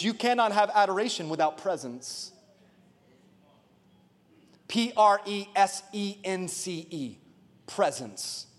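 A male pastor preaching a lively sermon, calling on the congregation for responses. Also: high voice. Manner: animated preaching with call-and-response. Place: church sanctuary. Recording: long church hall reverb.

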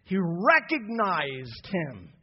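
A man preaching an impassioned sermon to his church, building from soft passages to shouted peaks. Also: sits high, wildly swooping pitch, very slow, slight background noise. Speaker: pastor. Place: church sanctuary. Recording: dull lo-fi sound with long hall reverb.

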